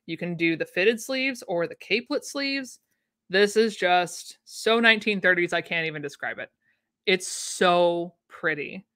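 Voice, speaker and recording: A woman's voice: lowish voice, lively intonation, measured pace, fairly bright tone. A woman hosting a casual livestream, chatting enthusiastically and answering viewer comments. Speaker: vintage sewing pattern livestream host. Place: home room.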